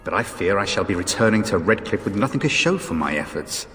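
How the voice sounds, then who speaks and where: A man's voice: low-pitched, animated, fairly quick, fairly bright tone. An actor playing a courteous, worried male knight in a fantasy video game. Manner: formal, courteous, anxious. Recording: game audio with long reverb and faint music.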